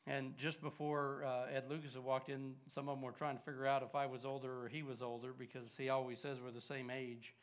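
An older man preaching a sermon, swinging from loud urgent emphasis to hushed, near-whispered lines. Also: medium pitch, level tone, fairly quick, few pauses.

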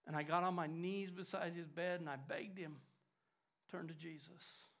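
An older man preaching a sermon, swinging from loud urgent emphasis to hushed, near-whispered lines. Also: a little high, fairly even intonation, moderate pace.

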